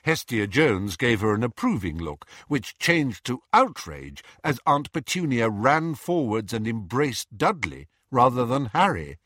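Slow, highly expressive male storyteller. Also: no room sound, studio quality. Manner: highly expressive, theatrical reading. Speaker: audiobook narrator. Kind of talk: storybook narration.

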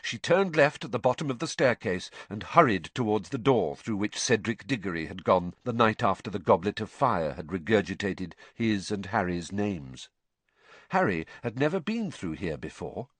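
Expressive male audiobook narrator. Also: fairly low pitch, normal speed, husky, no echo.

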